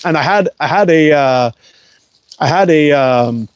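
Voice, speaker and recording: A man's voice: fairly high pitch, animated, a little slow, smooth, no room sound, dull audio. A man telling a long, rambling, profanity-heavy story in a casual livestream chat. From Canada. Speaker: livestream host.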